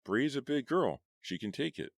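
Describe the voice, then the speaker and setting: A man's voice: medium pitch, animated, moderate pace, vocal fry, no room sound, clean studio sound, voice pushed up. A man voicing a cocky, smug teenage boy in an audiobook, with a smirking, boastful delivery.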